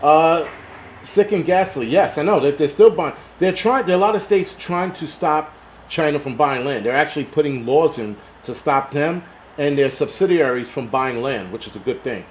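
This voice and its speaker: A man's voice: fairly high pitch, expressive, moderate pace, slight background noise. A middle-aged man hosting a live stream, ranting profanely and reading chat comments aloud, a little tipsy from liquor. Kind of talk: casual live stream rant.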